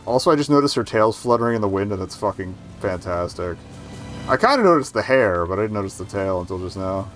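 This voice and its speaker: A man giving casual let's play commentary, excitable, profane and self-mocking as he plays. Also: lowish voice, fast, faint music behind.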